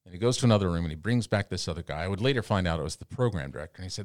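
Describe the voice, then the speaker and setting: A middle-aged man from the Amarillo, Texas area, a radio broadcaster, telling animated stories full of quoted dialogue as a guest in an interview. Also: low-pitched, rapid-fire, no room sound, studio quality. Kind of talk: casual storytelling.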